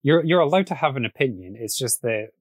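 A man hosting a casual podcast, chatty and quick to laugh, often restarting his sentences. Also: medium pitch, lively intonation, slightly rough, no echo. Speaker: podcast host.

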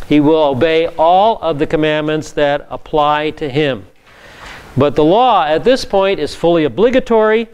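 A man's voice: on the high side, smooth. A man, a pastor, giving a methodical Bible teaching session from slides and repeating key words for emphasis.

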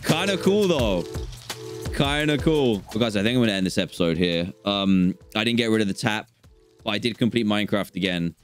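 A young man talks through a video game as he plays, easy and chatty one moment and yelping in alarm the next. His pitch rides up and down with every scare. Soft music sits faintly behind him. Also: fairly quick. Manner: excitable, jumps between calm chatter and panicked yelps. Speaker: gaming channel host. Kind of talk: let's-play game commentary.

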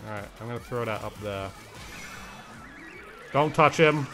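A man's voice: mid-range voice, measured pace, over music. A young man streaming a video game, chatting casually, reading and answering chat and laughing often.

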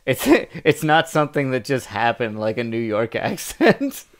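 A man's voice: mid-range voice, very animated, a little slow. A man co-hosting a podcast in casual chat, tossing in dry asides and chuckling often. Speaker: podcast co-host.

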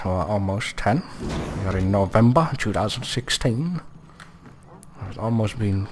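A man playing through a video game and commenting in a slow, lowish voice. He jokes, swears and thinks aloud, with faint background noise. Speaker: gamer. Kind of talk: casual gameplay commentary.

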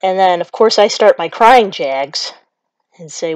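Woman comic, rambling self-mocking monologue, slow delivery, dry close sound. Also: medium pitch, lively intonation, darkish tone, no room sound. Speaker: comedian.

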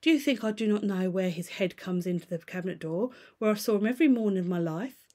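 A frightened old manservant, loyal to his master, pressing his case with urgent insistence in a storybook reading, as a woman reader puts him on. He speaks a little higher and louder than the narration around him. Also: moderate pace, close to an everyday voice. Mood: insistent.

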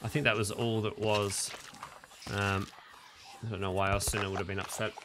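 A man's voice: lowish voice, level tone, moderate pace, background noise. A young man streaming a game, chatting casually and joking to himself and his crew as he plays. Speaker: gaming streamer. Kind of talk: casual gameplay commentary.

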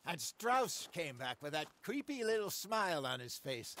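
A man's voice: on the high side, big pitch swings, normal speed, fairly bright tone, a little hiss or hum. An actor playing a man of an outlaw gang in a western video game, making dry remarks. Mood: wry.

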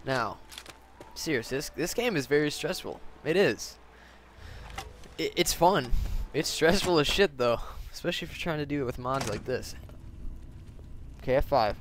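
A young man commenting on a video game into a headset mic at home, excitable and profane, sometimes bursting into yells. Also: fairly high pitch, moderate pace, long pauses, soft background music. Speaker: gaming commentator. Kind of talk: let's play commentary.

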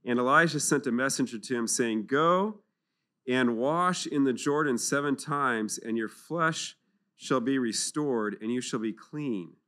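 A man giving an animated, jokey talk on scripture at a clergy retreat, acting out the figures in playful voices. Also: medium pitch, a little slow. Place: conference hall.

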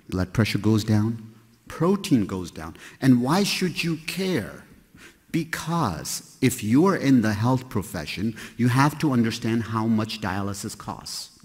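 Joking doctor lecturing in a reverberant hall. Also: male voice, medium pitch, a little mellow, breathy edge. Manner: conversational, joking, fond of rhetorical questions. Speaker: nephrologist giving a lecture. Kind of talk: conference lecture to a live audience. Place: large hall with an audience.

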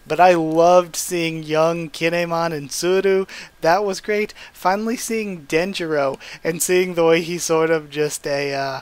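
A young man talking casually as a YouTuber about a comic chapter he just read, rambling, correcting himself and getting enthusiastic. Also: on the high side. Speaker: YouTuber reviewing a manga chapter. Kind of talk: casual fan commentary.

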